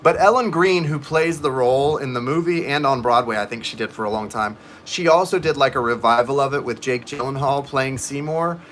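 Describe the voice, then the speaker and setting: A man's voice: mid-range voice, brisk, few pauses, a bit bright, slight background noise. A man giving tarot readings on a live stream, chatting and rambling to viewers in the chat. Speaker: tarot reader.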